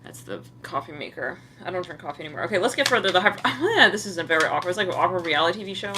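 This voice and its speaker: A woman's voice: fairly low pitch, lively intonation, racing, noisy background. A woman giving a casual tarot reading, chatty and self-mocking, with her mic set across the room. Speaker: tarot card reader. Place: room at home with a cluttered desk. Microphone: mic placed across the room.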